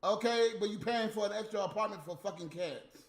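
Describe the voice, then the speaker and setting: A man's voice: high-pitched, fairly quick, very noisy. A man on a casual, profane rant, heatedly mocking people who are not there while smoking a cigarette. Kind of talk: casual ranting monologue. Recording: echoey room with faint music.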